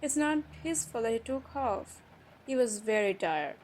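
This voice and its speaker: A young adult woman performing an improvised audio roleplay, chatting quickly through her story in a casual, rushed way. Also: fairly high pitch, animated, darkish tone, a little hiss or hum, rough recording.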